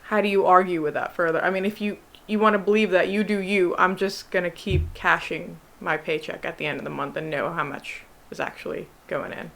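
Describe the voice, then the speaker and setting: A woman's voice: lowish voice, steady tone, fairly quick, vocal fry, few pauses, a bit bright. A young American woman with a general American accent, a doctor and vlogger chatting to camera, answering claims with exasperated sarcasm. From United States. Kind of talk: casual chat to camera.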